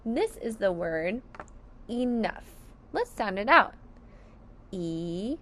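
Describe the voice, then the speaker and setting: A woman's voice: on the high side, sing-song, slow pace, sharp tone, slight background noise. A woman teaching a phonics lesson to young children, sounding out each word syllable by syllable with careful enunciation.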